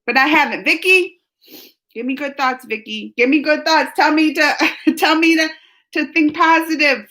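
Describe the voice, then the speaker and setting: A woman's voice: high voice, normal speed, bright, forceful tone. A married woman hosting a reaction stream, chatting to her viewers, emotional and teary, laughing between worries. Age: adult, married with family. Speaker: reaction channel host reading live chat. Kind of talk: casual emotional chat with viewers.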